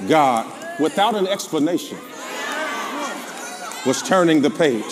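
Shouting Southern preacher with a congregation. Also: male voice, expressive, a little slow, in a large hall. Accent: Southern American. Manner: call-and-response preaching, swings from shouting to low asides. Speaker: pastor. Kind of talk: sermon. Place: large church before a live congregation. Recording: live church with crowd and noise. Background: congregation responding.

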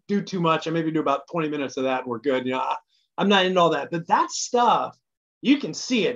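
Animated male minister, slightly dull recording. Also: high voice. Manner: casual, animated storytelling with jokes. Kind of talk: midweek sermon.

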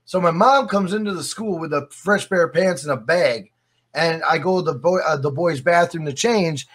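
A man's voice: fairly high pitch, moderate pace, a bit bright, slightly rough. A man in a casual podcast interview, telling stories with energy, swearing freely and repeating his phrases. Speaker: interview guest.

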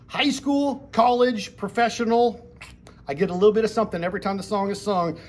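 A man's voice: sits high, a little fast, a little mellow. A man playing a boastful, wealthy male descendant of a famous songwriter, who repeats his own phrases. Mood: smug. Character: smug rich male descendant of anthem writer.

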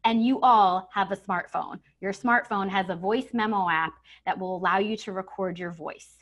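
At a moderate pace, a woman who trains people in communication teaches a webinar on the voice, captured through a home setup on a video call. Her delivery is emphatic and demonstrative: she punches key words and varies pitch and loudness to show every point.

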